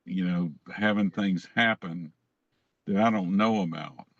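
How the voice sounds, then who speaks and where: A man's voice: deep voice, unhurried, fairly bright tone, dry recording, muffled recording. A man, telling rambling, self-amused stories as a guest in a casual chat. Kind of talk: casual storytelling.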